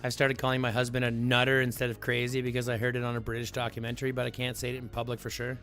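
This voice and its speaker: A man hosting a livestream, chatting casually with viewers in a rambling, animated way full of fillers. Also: medium pitch, rapid-fire, faint music behind. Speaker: livestream host.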